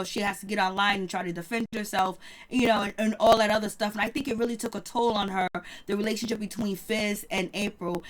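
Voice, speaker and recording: A woman casually recapping a reality show for viewers, gossipy and chatty, laughing often and greeting her audience. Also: medium pitch. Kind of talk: casual chat.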